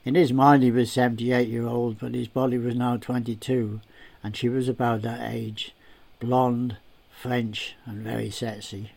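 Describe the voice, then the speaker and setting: A man narrating a story aloud in a steady, unhurried, plain way. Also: mid-range voice, creaky.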